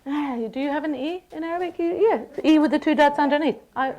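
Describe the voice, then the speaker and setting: A woman lecturing a university class in a lively, playful way, often checking in with the students. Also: sits high, fast, highs cut off.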